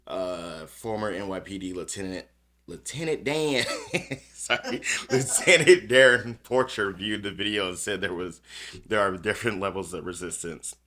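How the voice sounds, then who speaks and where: A man's voice: low voice, fairly even intonation, normal speed, pushed and bright. A man hosting a podcast, reading news stories aloud with small stumbles and commenting on them bluntly with plenty of cursing. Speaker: podcast host.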